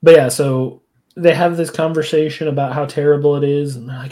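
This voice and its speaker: A podcast co-host in casual chat, animated and laughing, acting out quoted lines with big jumps in pitch. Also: brisk.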